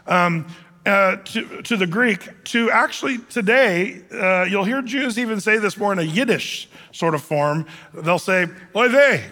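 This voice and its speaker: A man's voice: high voice, sharp tone, in a large hall. A man who is a pastor, preaching a verse-by-verse sermon in a conversational, joking way with many fillers.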